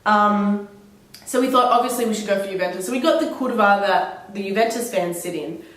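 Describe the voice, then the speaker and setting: A young Australian woman with a cold, telling travel stories in an animated, laughing vlog chat. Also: mid-range voice, fairly quick. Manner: enthusiastic, animated, laughing retellings with put-on quotes. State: has a cold. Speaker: vlogger. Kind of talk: casual chatty storytelling. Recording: very echoey room, mic at a distance.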